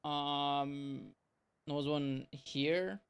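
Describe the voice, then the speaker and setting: A streamer giving casual gameplay commentary, playful and teasing the enemies, now and then breaking into silly yells. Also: medium pitch, steady tone, extremely slow, vocal fry, smooth. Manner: playful, trash-talks enemies, bursts into silly yelling.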